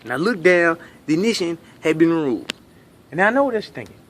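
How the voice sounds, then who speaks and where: A male comedian telling a story with a high voice that swoops up and down all the time. His delivery is animated and full of profanity. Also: fairly quick, slight background noise.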